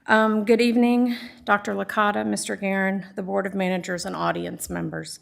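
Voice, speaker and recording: A woman's voice: medium pitch, level tone, normal speed, gravelly. An older woman, a former school librarian, reading an earnest, at times emotional public comment at a school board meeting. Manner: earnest, emotional, self-deprecating. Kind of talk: prepared public comment read aloud.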